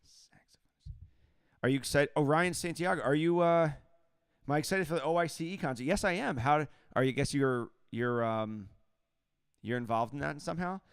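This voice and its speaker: A man's voice: on the high side, a little fast, clean tone, dry recording, clean studio sound. Laid-back man chatting on a livestream. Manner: relaxed and joking, laughing often. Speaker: saxophonist hosting a livestream. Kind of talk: casual livestream chat answering viewer comments.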